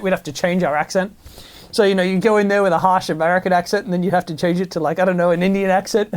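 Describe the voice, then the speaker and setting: A man, possibly, telling stories in a casual monologue, animated and full of restarts. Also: high voice. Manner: animated storytelling with many restarts.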